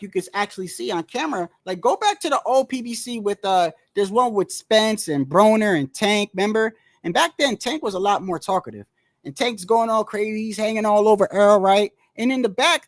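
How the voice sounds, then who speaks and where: A boxing commentator rambles casually on his own about boxing, full of slang and swearing. His voice sits high, and the studio-quality recording has no echo.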